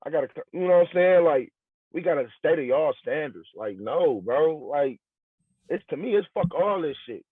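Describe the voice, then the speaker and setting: A man's voice: a little high, lively intonation, normal speed, breathy edge, dry recording. A man co-hosting a podcast in casual chat, talking bluntly and emphatically with heavy slang and swearing. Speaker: podcast co-host. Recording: tinny, dry lo-fi sound.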